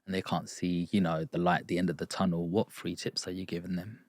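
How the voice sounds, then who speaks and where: A man hosting a podcast interview, animated and jokey, often repeating words as he asks questions. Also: deep voice, fast talker, dry recording, studio quality. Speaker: podcast host.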